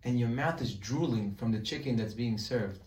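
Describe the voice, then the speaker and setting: A man's voice: medium pitch, normal speed, a little hiss or hum. A man leads a Torah class as a rabbi, acting out both sides of imagined conversations with rising energy. His voice carries a roomy echo and sounds set back from the microphone. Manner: animated, acts out questions and answers in dialogue. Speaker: rabbi teaching a weekly class. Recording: roomy sound, mic at a distance.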